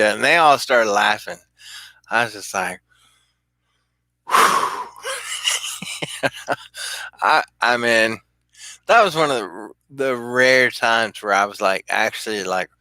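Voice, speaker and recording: Bright, profane man telling stories. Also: fairly low pitch, no echo. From California. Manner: profane, rambling, laughs often. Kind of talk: casual storytelling.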